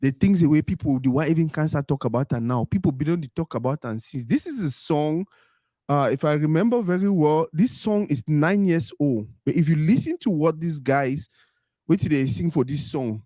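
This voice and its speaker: A man's voice: a little high, expressive, normal speed, warm tone, no room sound, studio quality. Easygoing male host. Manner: easygoing, mixes Pidgin and English. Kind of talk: casual interview chat.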